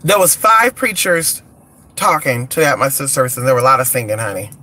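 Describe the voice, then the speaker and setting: A man's voice: medium pitch, very animated, a little fast, pushed and bright. A man chatting casually and profanely on a live stream from a vehicle, greeting viewers by name. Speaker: vlogger.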